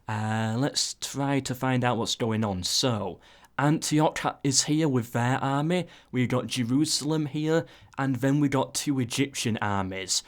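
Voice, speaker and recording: A man giving casual play-by-play commentary on a strategy game, breaking into excited asides. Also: mid-range voice. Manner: excitable, frequent "ooh"s and asides.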